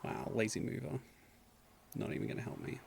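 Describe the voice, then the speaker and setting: A man's voice: medium pitch, expressive, a little fast, vocal fry, noisy background. A man streaming a game, chatting casually and reading game text aloud with dry, self-mocking asides. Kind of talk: casual gameplay commentary.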